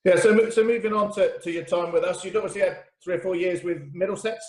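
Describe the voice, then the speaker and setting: A man interviewing a guest, asking quick, friendly questions that stumble over repeated words. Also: sits high, fairly even intonation, roomy sound. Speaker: club interviewer.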